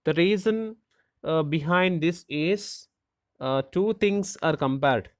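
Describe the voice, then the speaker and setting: A teacher explaining a grammar lesson slowly and deliberately, asking rhetorical questions and spelling out letters. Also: mid-range voice, dry recording, studio quality.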